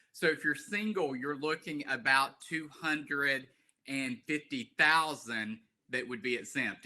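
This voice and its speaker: Southern attorney with a bright, forceful voice. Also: male voice, medium pitch, poor audio. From Alabama. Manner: plainspoken, explanatory, filler-heavy. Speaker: estate planning attorney. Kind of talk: webinar talk.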